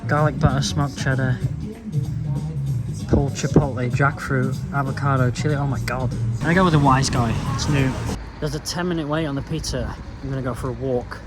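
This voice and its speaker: A man's voice: mid-range voice, steady tone, normal speed, over loud music. A man vlogging casually as he drives and walks around a town, joking at his own expense and muttering asides. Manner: chatty, self-mocking, mutters asides. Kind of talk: casual travel vlog. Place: outdoors in town and in a car. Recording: loud street noise. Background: loud outdoor and traffic noise.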